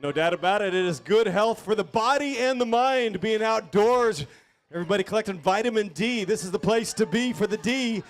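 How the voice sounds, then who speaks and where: A man's voice: high-pitched, expressive, a little fast. A man co-calling a street bike race outdoors, with flowery, dramatic wording. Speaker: race announcer. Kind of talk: live race commentary.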